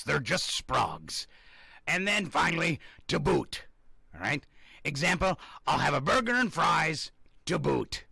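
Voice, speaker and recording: A man's voice: medium pitch, creaky, pushed and bright, slightly rough, dry recording. A man hosting a morning radio show, rambling with lots of fillers and now and then slipping into a growled pirate voice. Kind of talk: casual radio talk. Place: radio studio. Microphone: studio microphone.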